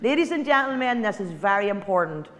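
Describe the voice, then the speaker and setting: A woman's voice: medium pitch, animated, fairly quick, fairly bright tone. A woman giving a motivational talk to an audience, chatty and direct, repeating key lines for emphasis. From Ireland. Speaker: motivational guest speaker. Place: large hall. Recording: hall reverb, stage speech.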